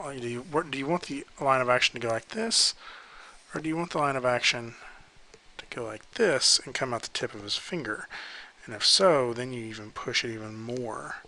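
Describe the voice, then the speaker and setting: A man's voice: mid-range voice, moderate pace, rough recording. A man giving casual spoken feedback on pose drawings while sketching, hesitant and full of fillers. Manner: relaxed, hesitant, many ums and likes.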